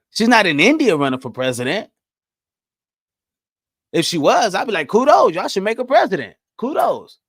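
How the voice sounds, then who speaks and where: A man's voice: mid-range voice, fairly bright tone, no room sound, studio quality. A man hosting his own podcast, delivering a heated, profane monologue full of rhetorical questions, often checking in with "right?" and "you know what I mean?". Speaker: podcast host.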